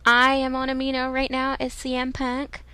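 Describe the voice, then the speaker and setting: A woman co-hosting a casual podcast, giggling often and filling pauses with "um". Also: high voice, monotone, sharp tone, clean tone, no echo. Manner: giggly, filler-heavy. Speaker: podcast co-host.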